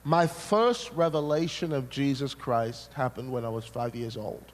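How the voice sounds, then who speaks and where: A man from Scotland preaching a sermon, an animated storyteller who hammers points through repetition and tosses jokey asides to the crowd. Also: medium pitch, measured pace. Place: large hall at a church seminar. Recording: echoey hall, faint noise.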